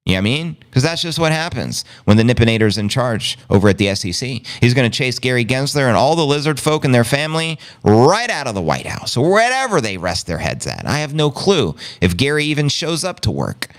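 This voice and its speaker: Hyped-up guy riffing on the news, joking around, pitch jumping all over. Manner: brash, jokey, slangy. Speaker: podcast host.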